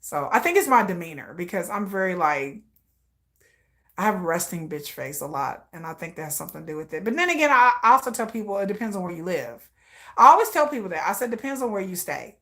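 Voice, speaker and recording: Woman vlogging, gravelly fry, swears a lot, laughs while she talks. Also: on the low side, sing-song, fast talker, bright, forceful tone. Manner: blunt, profane, laughing asides. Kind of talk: candid personal storytelling.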